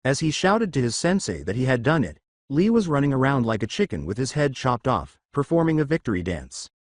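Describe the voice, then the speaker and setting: Man reading a fan story, lively pitch. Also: fairly quick, no room sound, studio quality. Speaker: narrator. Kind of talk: fan fiction read-aloud.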